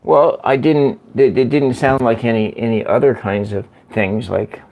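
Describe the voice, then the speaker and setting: A man hosting a casual livestream from home, chatting slowly and rambling as he answers viewer comments. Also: mid-range voice, fairly even intonation, a little mellow. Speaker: livestream host. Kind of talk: casual live-stream chat with viewers. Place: at home by a window.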